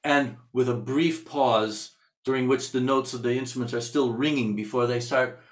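A man's voice: medium pitch, steady tone, normal speed. Man teaching music in an echoey room. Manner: thoughtful, searching for words, explanatory. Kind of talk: instructional workshop lecture.

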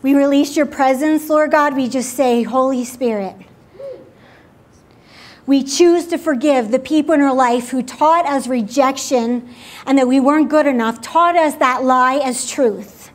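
High-voiced woman leading church prayer. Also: a little slow. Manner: gentle, inviting, repeating "just". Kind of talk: sermon altar call and prayer. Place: church service.

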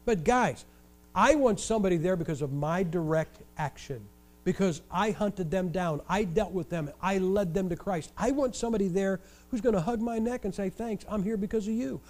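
An older man from Ohio preaching a sermon, telling stories in an animated, joking way with wry sarcasm. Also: sits high, normal speed. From Ohio, USA. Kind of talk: storytelling sermon.

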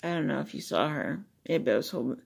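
A woman's voice: low-pitched, expressive, brisk, gravelly, slightly rough. A woman vlogger chatting loosely to her phone camera, rambling with many fillers and asides. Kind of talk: casual chat to a phone camera.

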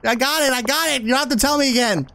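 A man playing a horror game on a headset mic, excitable, laughing often and swearing at the game. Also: extremely high pitch, fast, slight background noise. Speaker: gaming YouTuber. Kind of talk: let's-play commentary.

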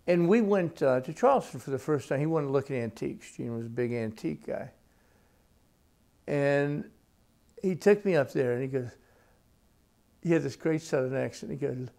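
A man in his sixties, an author being interviewed at his home, telling stories in a slow, reflective way. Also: fairly high pitch, gravelly, mellow. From United States. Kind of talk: relaxed storytelling in interview.

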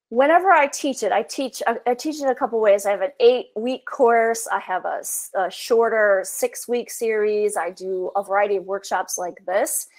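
A middle-aged woman psychologist leading a workshop in a casual, conversational way, full of "you know" and "like". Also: fairly high pitch.

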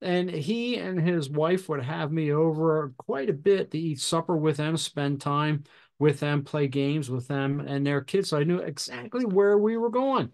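A man hosting a podcast, telling a fire service story in a measured, deliberate way with pauses. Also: fairly high pitch, a little mellow. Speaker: podcast host and fire officer instructor. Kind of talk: storytelling anecdote.

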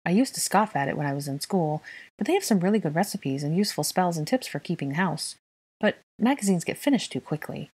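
A woman's voice: lowish voice, animated, a little fast, a little mellow, breathy edge. A woman voicing an earnest, timid young woman who tends to ramble, in a fan fiction reading.

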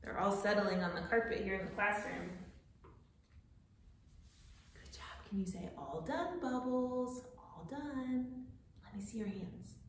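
A woman librarian reading a picture book aloud at storytime, very expressive, dropping to whispers and breaking into little songs, in a carpeted classroom. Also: medium pitch, slight background noise. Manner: slow, expressive, drops to whispers, sings. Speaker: children's librarian. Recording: roomy echo.

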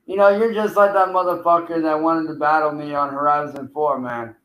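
A man on a livestream hurls taunts and curses at an absent rival, calling him out over and over. His voice sits a little high for a man. The sound bounces around an echoey room. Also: steady tone, a little fast, a bit bright. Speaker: streamer. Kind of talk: livestream trash talk.

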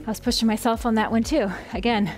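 A woman fitness instructor calls out moves with upbeat, encouraging cues while she works out alongside the class. She is out of breath, and clear music plays behind her. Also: fairly high pitch, steady tone, quick pace, darkish tone. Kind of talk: guiding a workout. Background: background music.

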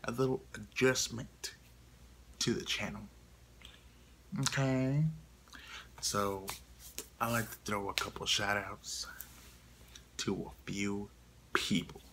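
A man's voice: on the low side, fairly even intonation, slow pace, pauses often, background noise. A male vlogger giving a playful channel update, teasing the viewer and often dropping into whispers.

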